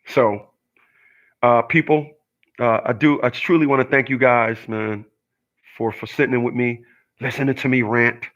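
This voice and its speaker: Solo male host, middle pitch, emphatic monologue that hammers each point twice. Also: fairly even intonation, measured pace, pauses often, fairly bright tone, muffled recording. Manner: emphatic, repeats his points. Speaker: channel host.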